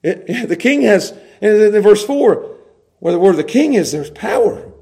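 A man preaching a sermon as a pastor, swinging from loud emphasis to quiet asides. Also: high-pitched, big pitch swings, a little slow.

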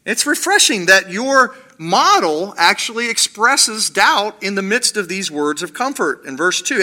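High, lively, bright-voiced male preacher. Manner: animated, acts out quoted voices with rising pitch; drops to slow quiet emphasis on key lines. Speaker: pastor. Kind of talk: sermon.

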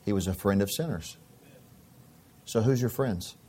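A middle-aged male pastor delivers his sermon in a somewhat low voice. He talks like he's chatting with friends, spinning stories and doubling back on his words. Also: normal speed, dark tone, slightly rough. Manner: conversational storytelling, repeats phrases.

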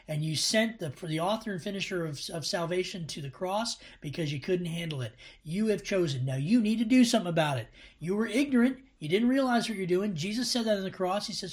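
A man's voice: high-pitched, expressive, brisk, breathy edge. Earnest rambling bible teacher, man. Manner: earnest, rambling with many restarts and fillers. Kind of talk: casual bible study commentary. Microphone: laptop camera.

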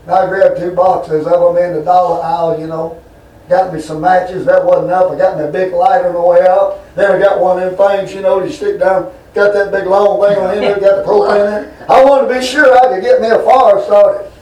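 Folksy preacher with a high voice. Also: male voice, little pitch movement, brisk, a little mellow, recorded from a distance, dull audio. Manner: folksy and rambling, with asides to the congregation. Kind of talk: folksy storytelling sermon. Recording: roomy hall, voice from off mic.

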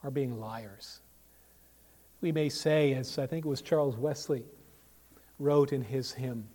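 A male pastor preaching a sermon, emphatic, with sharp swings from loud to quiet and many rhetorical questions. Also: medium pitch, a little slow. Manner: emphatic, rises and falls sharply in volume, asks rhetorical questions. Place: church sanctuary. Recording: long reverb of a church hall.

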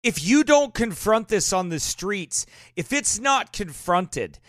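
A man's voice: high-pitched, big pitch swings, takes it slowly, a bit bright, no room sound, clean studio sound. A man, a street preacher, preaching in a confrontational way, insistent, repetitive and sarcastic.

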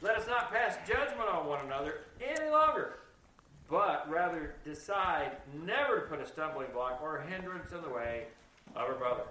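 A man's voice: fairly high pitch, animated, moderate pace, pushed and bright, poor audio. A man in the congregation reading a Bible verse and answering the preacher, a little apologetic.

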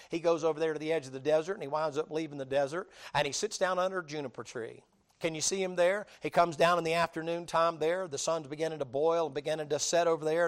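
Animated high-voiced preacher, man. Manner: animated storytelling with colloquial drawl, dramatic quoted voices, laughs. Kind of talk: sermon.

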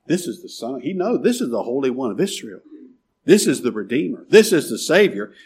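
A male pastor in the middle of a sermon, his voice slightly husky. His pitch rises and falls in wide, lively sweeps. He drives points home with rhetorical questions and sudden quiet murmurs. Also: fairly quick.

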